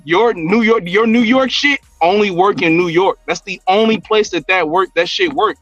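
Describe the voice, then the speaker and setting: A man's voice: sits high, normal speed, fairly bright tone, dry recording, dull audio, soft background music. A man co-hosting a podcast, arguing bluntly in casual chat. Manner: blunt, argumentative, repeats himself. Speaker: podcast co-host.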